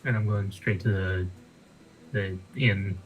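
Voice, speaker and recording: A man's voice: deep voice, fairly even intonation, slow pace, slight background noise, rough recording. Hesitant man playing a game. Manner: hesitant, many uhs and ums. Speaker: player. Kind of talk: casual chat.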